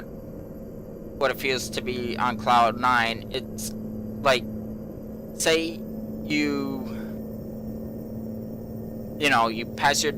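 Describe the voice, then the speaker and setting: A man's voice: mid-range voice, noisy background. A man hosting a gaming channel, telling a long everyday story in a rambling way, repeating himself and filling gaps with "you know.". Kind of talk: casual storytelling vlog.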